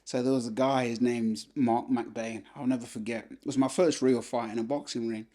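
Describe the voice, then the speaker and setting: A middle-aged man from England, a former boxer, telling animated anecdotes as a podcast guest, with frequent filler phrases. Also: mid-range voice, normal speed. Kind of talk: casual storytelling interview.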